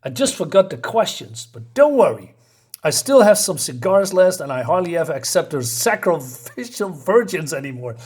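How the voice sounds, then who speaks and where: A man's voice: on the high side, animated, moderate pace. Man reading a brash, short comic-book tough guy, bragging and wisecracking. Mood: cocky. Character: brash short male mutant brawler.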